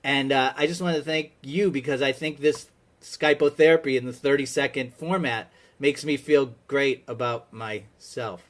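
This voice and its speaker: A man at a moderate pace and medium pitch, his intonation fairly even, plays a patient in a comedy sketch. His monologue to a therapist on a video call is a string of rambling, exasperated stories that build to pleading.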